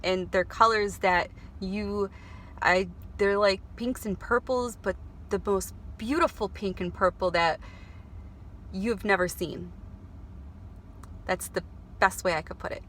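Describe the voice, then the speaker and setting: A woman vlogging about spiritual messages and her father, speaking earnestly and emotionally, with halting restarts. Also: medium pitch, fairly bright tone, slight background noise. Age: adult, married. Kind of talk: spiritual vlog monologue. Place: before going to work.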